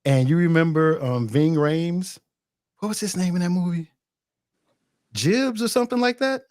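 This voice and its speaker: A man's voice: high voice, moderate pace, a little mellow, no echo. Laughing teasing man, dry close sound. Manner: teasing, scolding, laughs while talking. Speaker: podcast co-host. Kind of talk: casual chat.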